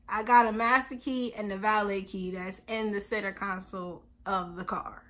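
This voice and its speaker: A young woman in her twenties telling a storytime in casual chat, animated and acting out quotes. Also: medium pitch, normal speed, hardly any pauses. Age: 20s. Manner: animated, acts out quotes of others. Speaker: vlogger.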